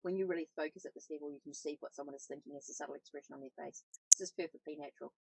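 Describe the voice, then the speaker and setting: A woman reading the lines of a perceptive, calm spiritual guide in a storybook, in a plain read-aloud voice with small slips. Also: low-pitched, racing, creaky, noisy background.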